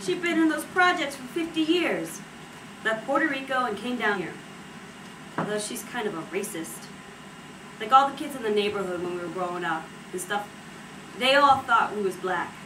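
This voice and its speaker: A woman's voice: a little high, normal speed, distant mic, natural voice. An actress playing a young woman from a Puerto Rican family in a stage monologue, speaking in a wry, matter-of-fact way. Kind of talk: stage monologue based on an interview. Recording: echoey stage recorded from afar, steady noise.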